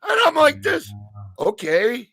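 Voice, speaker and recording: A man telling a story in casual chat, swearing freely and loudly acting out the lines of the people in it. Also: mid-range voice, normal speed, no echo. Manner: profane, animated storyteller acting out quotes loudly.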